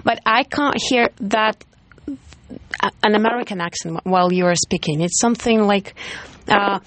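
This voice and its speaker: A woman radio host with a Russian accent, interviewing in English with halting restarts and easy laughs. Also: mid-range voice, a bit bright. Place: radio studio. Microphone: studio microphone.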